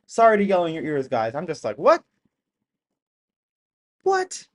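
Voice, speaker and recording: A young man hosting a live stream, reacting to videos with animated exclamations and jokes in casual commentary. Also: fairly high pitch, fast.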